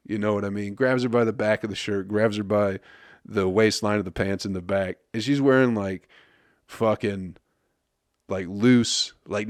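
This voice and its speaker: A man with a fairly low voice hosts his own podcast, delivering a casual comedic monologue. He tells a funny story full of profanity, rambles, and laughs at his own jokes. The studio-quality recording has no echo.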